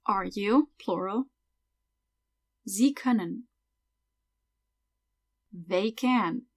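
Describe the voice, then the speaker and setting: A woman teaching a beginner lesson, explaining clearly and patiently and slowing down for examples. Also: medium pitch. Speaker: German teacher.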